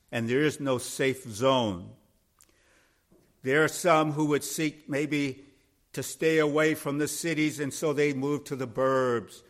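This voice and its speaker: A man preaching a sermon, slow and deliberate, building to emphatic peaks. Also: mid-range voice, a bit bright. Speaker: pastor.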